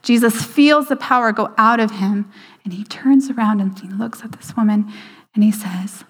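A woman giving a sermon, slowing down for emphasis and dropping to a hushed voice for quoted lines. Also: on the high side, slightly rough. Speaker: speaker at a church service. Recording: hall reverb.

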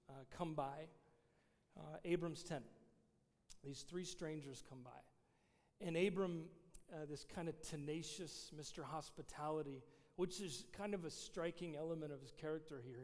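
In a church sanctuary with the long reverb of a large hall, a pastor gives a casual, conversational sermon full of fillers. His voice is on the high side and a little mellow.

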